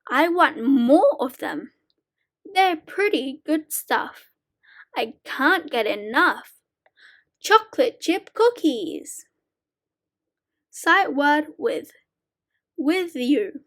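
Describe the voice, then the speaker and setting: A woman slowly reading short children's poems aloud as a reading teacher, in a deliberate sing-song way. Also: high voice, big pitch swings.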